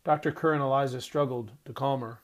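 A man narrating an audiobook chapter in a measured, expressive reading voice. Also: medium pitch. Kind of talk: scripted narration.

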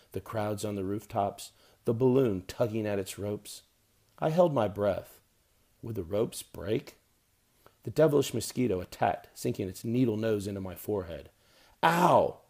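A man narrating an audiobook in a measured, wry storytelling manner. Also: lowish voice, vocal fry, warm tone. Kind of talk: scripted narration.

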